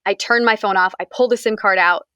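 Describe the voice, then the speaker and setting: A woman's voice: mid-range voice, steady tone, a little fast, bright, forceful tone, smooth, dry recording, muffled recording. A young woman from the United States, candidly recounting a personal story in an interview, talking conversationally with frequent fillers.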